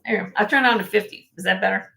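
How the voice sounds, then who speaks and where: A woman hosting a casual live jewelry sale from home, briskly listing rings and sizes with chatty asides. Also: medium pitch, gravelly, pushed and bright. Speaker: host selling jewelry on a live stream.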